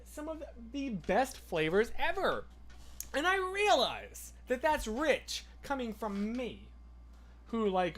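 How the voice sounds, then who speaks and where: A man hosting a casual livestream, chatting and answering viewer comments in an excitable, rambling way. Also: sits high. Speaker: livestream host.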